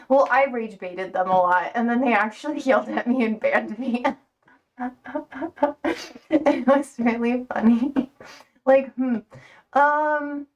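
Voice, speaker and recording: A young woman with a high voice chats loosely on a livestream, full of fillers and quick laughs. She rambles from one thought to the next. Her voice sits slightly back from the mic. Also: far from the mic. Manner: chatty, laughs often, rambling with many fillers. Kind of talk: casual livestream chat.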